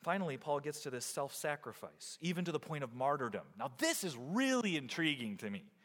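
A man preaching a sermon as pastor, swinging from loud emphasis down to quiet, close remarks. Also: on the high side, fairly quick, big-room sound. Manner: expressive preaching, rising and dropping to near quiet.

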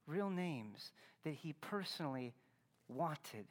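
A slightly high male voice with lively intonation speaks slowly in a big room. This pastor gives a Christmas sermon, earnest and instructive, climbing into emphatic stresses.

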